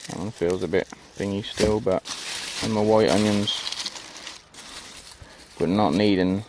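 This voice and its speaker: A low-pitched man talks casually as he walks around his allotment, drifting from one thing to the next with plenty of ums and "you know what I mean." He is recorded outdoors, with a faint hiss of open air behind him. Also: fairly even intonation, a little slow. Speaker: allotment vlogger. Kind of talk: casual walk-and-talk vlog.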